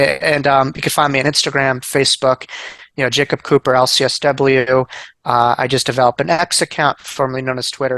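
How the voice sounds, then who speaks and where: A man's voice: medium pitch, sharp tone, no room sound. A man, a therapist and author, talking earnestly as an interview guest, with many fillers and restarts. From United States. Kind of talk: casual interview chat.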